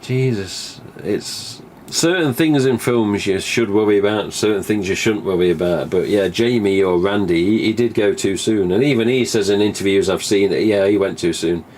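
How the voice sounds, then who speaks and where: His voice sits on the low side with a darkish tone, moving at a moderate pace with few pauses, while a little hiss or hum runs underneath. This English live-streamer delivers a rambling, casual monologue, swearing freely and re-enacting remembered conversations.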